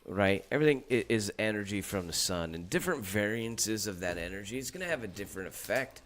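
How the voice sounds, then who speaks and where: A man's voice: on the low side, quick pace, a little hiss or hum. A man hosting a podcast in casual chat, stammering often and swearing freely. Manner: stammering, profane, animated. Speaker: podcast host.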